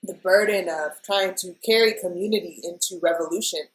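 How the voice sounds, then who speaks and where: A woman in her thirties talks through a tarot reading in a loose, chatty way. She gets openly emotional and keeps calling to her viewers as "y'all." Her voice sits a little low. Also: brisk, rough recording. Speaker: tarot reader. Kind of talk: casual weekly tarot reading.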